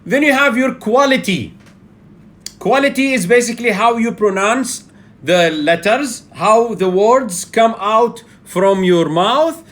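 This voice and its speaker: A man from Bahrain with a Bahraini accent, teaching public speaking in a lecture and checking in with listeners by often saying "yeah". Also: high voice. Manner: animated, repeats "yeah" as a check-in, with frequent fillers.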